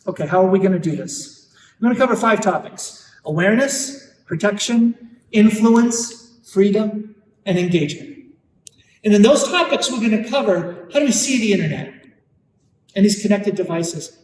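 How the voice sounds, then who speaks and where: A man's voice: sits high, a little mellow, a little hiss or hum. Earnest man lecturing in echoey hall. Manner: earnest, emphatic, slows down hard on key points. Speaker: Catholic speaker on parenting. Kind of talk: live parish talk to parents. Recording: echoey hall, mic at a distance.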